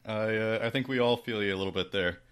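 A male co-host with a very deep voice chats about the game in a laid-back way. He keeps it loose and conversational, full of "like" and "you know.". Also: fast, a bit bright, clean tone. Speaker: sports talk co-host. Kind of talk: sports talk radio.

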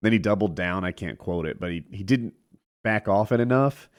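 A man chatting casually about politics on a podcast, animated and laughing easily. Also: fairly low pitch, moderate pace. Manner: animated, laughs often, trails off.

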